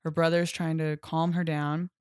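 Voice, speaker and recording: Low-voiced woman chatting casually. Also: little pitch movement, normal speed, darkish tone, clear, resonant tone, no room sound, studio quality. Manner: chatty, retells scenes with quoted lines. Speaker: podcast co-host. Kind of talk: casual chat about a comic book.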